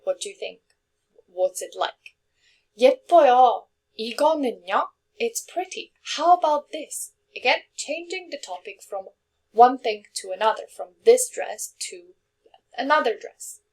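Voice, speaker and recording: A woman's voice: fairly high pitch, darkish tone. A woman teaching a language lesson, explaining grammar patiently with example sentences and checking in with her listeners. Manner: clear, patient, checks in with "okay?" and "yeah?"; reads example sentences quickly, translates slowly.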